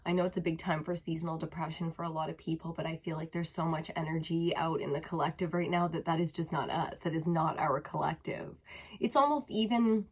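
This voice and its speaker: A woman's voice: sits low, fairly even intonation, fairly quick, darkish tone, breathy edge. A woman tarot reader chatting casually to her viewers, slightly out of breath, calling them her loves. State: a little out of breath. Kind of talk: casual spiritual chat to camera.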